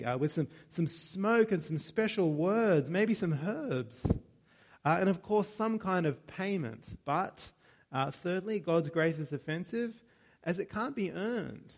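A man preaching a sermon in a conversational way, with joking asides and self-corrections. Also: a little high.

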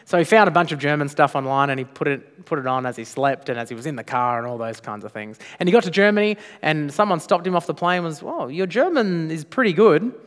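A man's voice: a little high, lively intonation, quick pace, hardly any pauses, a bit bright, clean tone. A man preaching a sermon as pastor, emphatic, with frequent rhetorical questions. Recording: long reverb of a large hall.

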